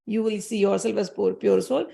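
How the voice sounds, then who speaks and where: A woman retelling a scripture story and explaining its meaning in an animated, conversational way. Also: mid-range voice, moderate pace, creaky. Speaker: spiritual storyteller.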